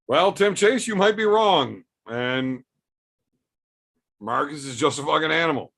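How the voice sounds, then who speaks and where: A man's voice: fairly high pitch, animated, slow, creaky, long pauses, a bit bright. A man, an arm wrestler, hosting a livestream in a loose chat style, answering viewers' super chats with blunt, profane opinions.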